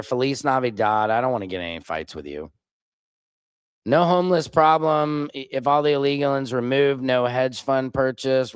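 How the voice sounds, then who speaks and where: Smooth-voiced man hosting a live stream. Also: medium pitch, dry recording. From Missouri. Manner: blunt, sarcastic, reacts loudly to clips. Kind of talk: casual live-stream chat reading comments.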